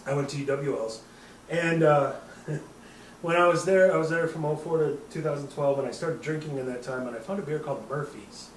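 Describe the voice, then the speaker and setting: A man's voice: a little high, moderate pace. Casual host, man, profane rambling storyteller; roomy distant sound with faint background hum. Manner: rambling, profane, laughing at his own story. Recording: roomy, off-mic with faint ambience.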